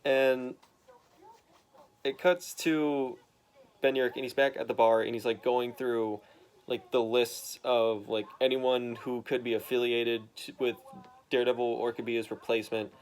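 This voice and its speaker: A man's voice: medium pitch, flat delivery, moderate pace, a little mellow. Casual rambling man recapping a comic. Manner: rambling, filler-heavy, swearing. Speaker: comic book explainer.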